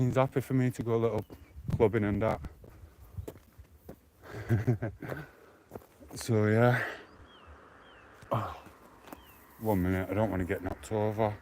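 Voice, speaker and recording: Low-voiced British man rambling on a walk. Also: steady tone, normal speed, pauses often, darkish tone, a little hiss or hum. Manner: rambling, defensive, chatty. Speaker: live streamer. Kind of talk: casual live stream chat while walking. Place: outdoors, walking along streets.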